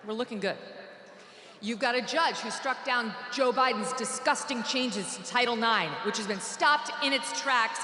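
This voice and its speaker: A woman giving a political rally speech, sarcastic and mocking, shouting her punchlines to a crowd. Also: fairly high pitch, background noise. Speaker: rally speaker. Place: large indoor arena. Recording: echoey arena with long reverb.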